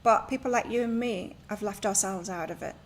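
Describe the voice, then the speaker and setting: A woman with a medium-pitched, brisk voice reads tarot and oracle cards on a live stream from home, with a little hiss or hum in the audio. She chats and rambles as she offers spiritual advice.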